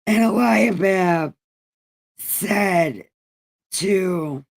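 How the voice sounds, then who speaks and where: A woman's voice: mid-range voice, extremely slow, vocal fry. A woman hosting a livestream, reading scripture in an irreverent, casual way, paraphrasing in profane slang and talking to her viewers.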